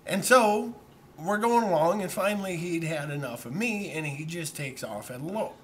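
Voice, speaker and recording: A man's voice: on the high side, lively intonation, normal speed, a little hiss or hum. A man casually telling a childhood story to a camera that a friend is holding, rambling and poking fun at himself. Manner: rambling and self-deprecating, with repeated "so anyway". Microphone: camera held by a friend.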